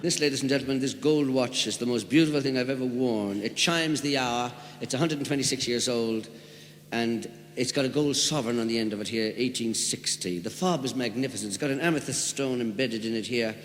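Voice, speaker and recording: A man's voice: medium pitch, a little fast. A man telling jokes in a live stand-up comedy routine, a jovial storyteller who leans into his punchlines. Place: large hall with audience. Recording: live hall with echo and long reverb.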